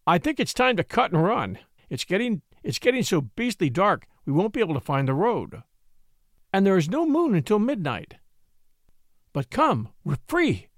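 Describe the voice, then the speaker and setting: A man reading an audiobook, voicing a spirited, excitable young woman who gushes and teases sweetly. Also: high voice, normal speed, dry recording, clean studio sound. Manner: breathless, gushing, sweetly teasing.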